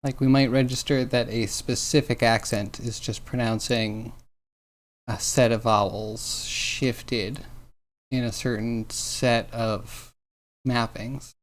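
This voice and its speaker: A man's voice: medium pitch, fairly even intonation, takes it slowly. A man streaming as he sculpts, musing aloud in a rambling way and chuckling now and then. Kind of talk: casual talk while sculpting on stream.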